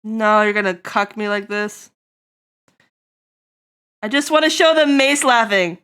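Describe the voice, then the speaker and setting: A woman streamer in casual live-stream chat, rambling and breaking into loud laughter, her throat getting tickly. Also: medium pitch, expressive, unhurried, clear, resonant tone.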